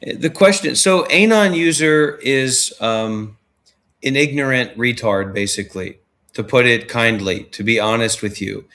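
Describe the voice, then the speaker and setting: A man's voice: medium pitch, unhurried, fairly bright tone. Blunt, combative livestream host man. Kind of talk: livestream chat.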